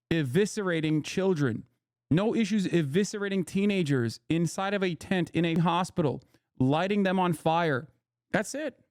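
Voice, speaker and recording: A man streaming his reactions to news clips in a slightly high voice, talking bluntly and sarcastically. He swears freely and stumbles through restarts as he rambles. The sound is dry and close, with no room around it. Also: smooth, no echo. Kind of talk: casual livestream commentary.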